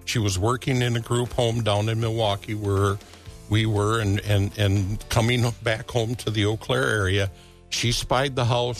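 A man, an orchard owner talking casually as a guest on a radio show. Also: on the low side.

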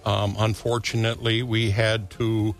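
Folksy man, low voice. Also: level tone, unhurried, faint music behind. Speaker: orchard owner guest. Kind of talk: casual radio interview.

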